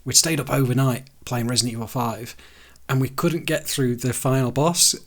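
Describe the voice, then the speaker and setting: A man's voice: mid-range voice, normal speed. A young man co-hosting a gaming podcast, rambling through stories in casual chat and laughing as he goes. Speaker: podcast co-host.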